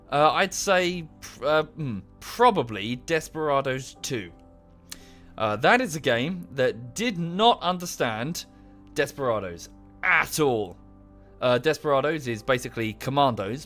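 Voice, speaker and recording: A man's voice: on the high side, a bit bright. A man in his thirties streaming a game, talking casually and rambling into a rant, close to the microphone. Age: 30s. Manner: rambling, ranting. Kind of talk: casual live-stream chat.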